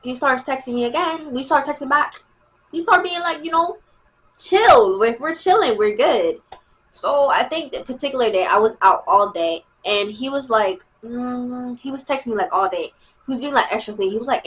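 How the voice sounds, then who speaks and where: A woman's voice: high-pitched, normal speed. A woman vlogger telling a casual storytime to camera, rambling and slangy, retelling events animatedly. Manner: slangy, rambling, peppered with "bro" and "like"; animated retelling with exaggerated quotes.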